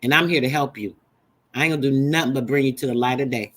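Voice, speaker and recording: A woman's voice: very deep voice, fast, a bit bright. Emphatic woman preaching to her live chat. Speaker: livestream host. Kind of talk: live-stream teaching chat.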